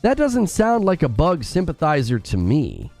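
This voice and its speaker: A gaming streamer jokes and teases his viewers in loose, casual live-stream talk. His voice sits a little high and swings widely in pitch. Soft music plays quietly underneath. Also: wildly swooping pitch, normal speed, no echo. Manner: playful, teasing banter with chat.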